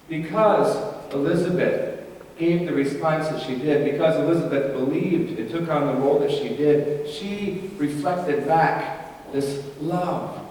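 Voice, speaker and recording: A man's voice: on the high side, darkish tone, distant mic, a little hiss or hum. A male pastor giving a conversational, humorous sermon in a church, heard from afar in an echoey hall.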